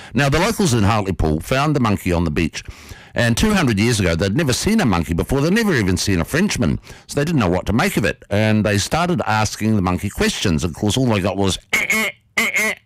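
A man hosting a radio show, telling a story in a lively, animated way from a studio. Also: lowish voice, no echo, rough recording. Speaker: radio host.

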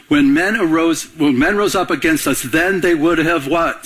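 A man's voice: on the high side, unhurried, few pauses, husky. A man pastor preaching a sermon, telling a story with acted-out dialogue and prompting the congregation to answer. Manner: animated storytelling, acting out both sides of a phone call; call-and-response prompts to the congregation.

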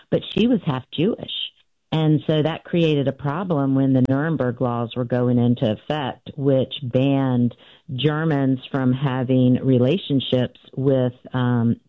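A woman in her sixties recounts a family story over what sounds like a narrow, tinny phone line. The sound is dry and close with no room around it. She talks in a loose, conversational way, pausing with "um" and restarting sentences as she goes. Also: rumbling low, dry recording. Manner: recounts events with frequent fillers and restarts, acting out quoted voices. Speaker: author guest.

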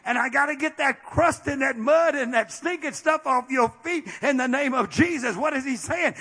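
A male pastor preaching a fiery, folksy sermon, peppered with amens and rising to shouts. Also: very high voice, normal speed. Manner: folksy, plain-spoken.

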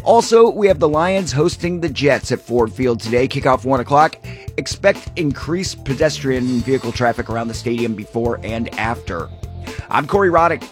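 Male radio traffic reader, brisk and upbeat, light music bed. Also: mid-range voice, animated. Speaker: traffic reporter.

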